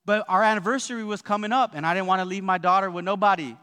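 A man in his thirties preaching a lively, joking sermon with frequent asides to the congregation. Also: high-pitched, fast talker, clean tone. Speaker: pastor. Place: church sanctuary. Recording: long hall reverb.

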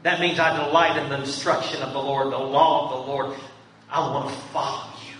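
A man's voice: on the high side, fairly even intonation, a little fast, a bit bright, recorded from a distance. A male pastor preaching a sermon in a church, pleading earnestly with the congregation. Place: church sanctuary. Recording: echoey church room from afar, faint hum.

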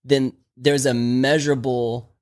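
A man's voice: mid-range voice, level tone, measured pace, a little mellow. A man chatting casually as a dog trainer on a podcast, loose and rambling with many restarts. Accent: Texan.

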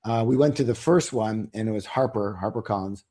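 A man's voice: on the low side, a little fast, mellow. A man, an author, talking as an interview guest in a casual, emphatic, salesy way, firing rhetorical questions at listeners.

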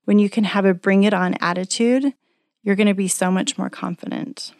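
Middle-aged woman, motivational speaker, earnest coaching chat, mid-pitched, dry close sound. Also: steady tone, moderate pace, a little mellow, no room sound. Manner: earnest, coaching, chatty with fillers. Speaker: self-help speaker; single mother of teenagers. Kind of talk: motivational talk.

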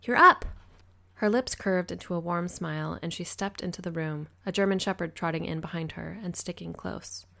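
A woman narrating an audiobook in the first person, in an even, measured reading. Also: fairly low pitch, gravelly.

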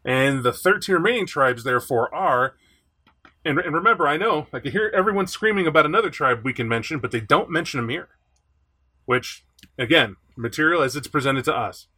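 A man hosting a podcast in casual chat, animated and chatty, reading aloud from a rulebook. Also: a little high, a little fast, breathy edge. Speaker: podcast host.

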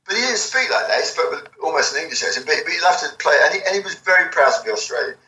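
A middle-aged man telling a rambling, animated story in an interview, swearing freely. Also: on the high side, very fast. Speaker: album cover designer, guest. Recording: echoey room.

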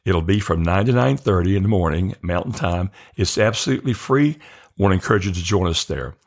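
A man hosting a faith podcast, leading a slow guided breathing prayer and repeating phrases calmly. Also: deep voice, gravelly. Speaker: podcast host.

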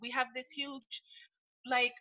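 Emphatic woman with a bright, high voice. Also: little pitch movement, slow, poor audio. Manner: emphatic, opinionated. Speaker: podcast host. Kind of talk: casual chat.

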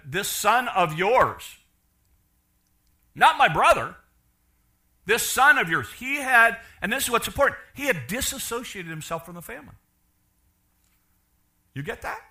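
A middle-aged male pastor delivering a lively sermon in a high, strikingly bright voice. He acts out the people he quotes and often stumbles and restarts mid-thought. His pitch swings widely from low asides to raised emphatic points. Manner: animated preaching, voices quoted characters, repeats and restarts.

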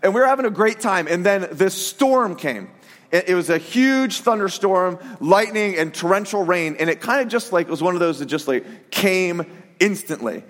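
A middle-aged pastor with a high voice preaches to his congregation, talking as if chatting with friends and acting out little quotes in his stories. His voice carries a long reverb from the hall around him. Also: normal speed. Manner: conversational, animated storytelling with acted quotes. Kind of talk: sermon.

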